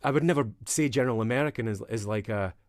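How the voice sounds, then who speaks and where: A man's voice: medium pitch, fast, no echo, studio quality. A man guesting on a podcast as an actor, chatting casually, laughing often and trailing off into fillers. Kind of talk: casual chat.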